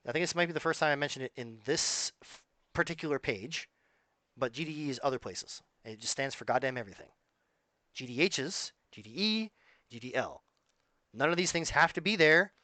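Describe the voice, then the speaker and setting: A man's voice: mid-range voice, fairly bright tone, no room sound. A man talking to his viewers in a casual, rambling monologue, emphatic and full of asides. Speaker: vlogger.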